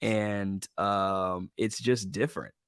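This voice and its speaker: A man from the American Midwest, an actor and comedian, chatting easily as a guest over a video call, jokey and quick to laugh along. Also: fairly low pitch, fairly even intonation, a bit bright, clear, resonant tone, no room sound, studio quality. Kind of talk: casual interview chat.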